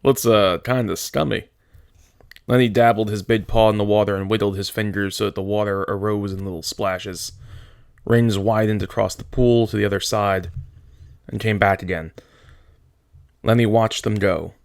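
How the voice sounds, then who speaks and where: Gravelly male teacher reading aloud. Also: lowish voice, moderate pace, no echo, clean studio sound. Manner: steady, plain storytelling.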